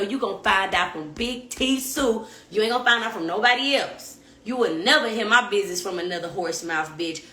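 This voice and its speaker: A young woman hosts a podcast, telling her story in a blunt, profane, animated way. Her voice is bright and forward. The room around her is echoey. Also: medium pitch. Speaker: podcast host. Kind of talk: casual storytelling monologue.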